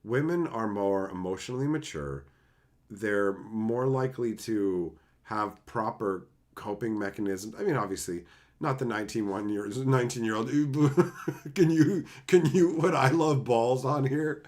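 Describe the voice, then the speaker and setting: Streaming live from Canada, a man reads chat and jokes crudely amid lots of laughter, at times shifting into low, earnest advice. He talks a little slowly, with a darkish tone.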